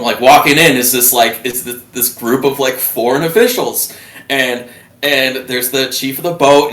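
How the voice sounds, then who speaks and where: A young man, a former submarine sailor, telling his story as a guest in a halting way full of restarts. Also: medium pitch, fairly bright tone. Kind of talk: casual storytelling. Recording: roomy, distant mic.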